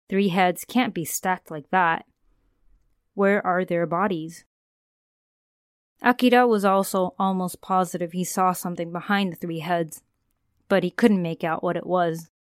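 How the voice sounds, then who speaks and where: Woman podcast host telling scary tales, smooth and dry-miked, calm and conversational. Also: fairly low pitch, no room sound. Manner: calm storyteller who asks the listener questions. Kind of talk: scripted narration of a horror story.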